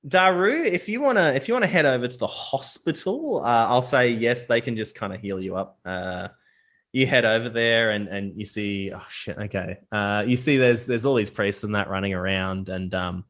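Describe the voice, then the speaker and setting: Low-voiced man running a tabletop game. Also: normal speed, fairly bright tone. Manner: rambling, loose narration full of fillers. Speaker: game master.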